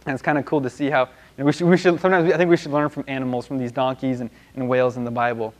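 A man's voice: mid-range voice, fairly even intonation, very fast. A man teaching a Bible lesson in a loose, conversational way, with many restarts and fillers.

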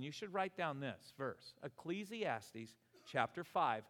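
A man in his sixties preaching a sermon as pastor, animated and exclamatory, often chuckling between points. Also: a little high, a little slow. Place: church sanctuary. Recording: long hall reverb.

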